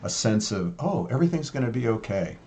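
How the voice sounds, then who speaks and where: A man's voice: fairly low pitch, sing-song, brisk, dark tone. A man co-hosting a casual talk show, upbeat and jokey, with many fillers. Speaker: co-host. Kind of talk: casual chat.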